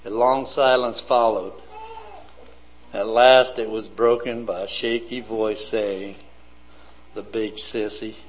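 A man preaching a sermon slowly and deliberately, building his points in lists. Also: on the low side, steady tone, low-quality recording.

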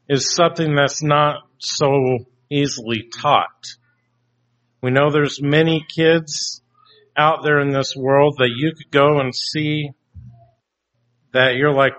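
A man preaching a sermon, slow and deliberate, often putting questions to his congregation. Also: on the high side, fairly bright tone. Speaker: pastor. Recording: dull lo-fi recording.

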